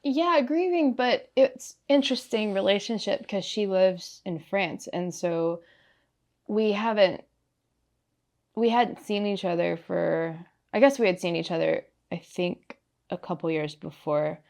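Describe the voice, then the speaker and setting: A woman's voice: mid-range voice, a little slow, darkish tone. A young woman from Ohio who grew up in Southern California, chatting as a podcast guest, often laughing and acting out quotes. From Ohio, raised in Southern California. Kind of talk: casual interview chat.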